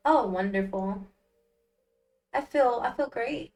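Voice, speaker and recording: A woman's voice: a little high, slow pace, darkish tone, roomy sound, recorded from a distance, low-quality recording. A young adult woman streaming a story game, reading narration aloud and making playful, dramatic asides.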